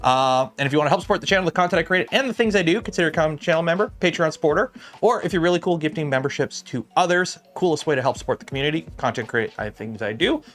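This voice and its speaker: A man's voice: a little high, expressive, very fast, few pauses, fairly bright tone. A man hosting a livestream, chatting in a rambling, filler-heavy way with plenty of "like" and "uh" while he works at his bench. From Canada. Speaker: livestream host. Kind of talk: casual livestream chat.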